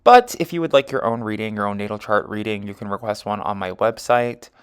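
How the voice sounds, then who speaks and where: A man's voice: on the low side, animated, a little fast, smooth. A man reading an astrology chart in a casual, rambling monologue, full of fillers and self-corrections. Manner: rambling, heavy with fillers like um and you know. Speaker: astrology and tarot reader.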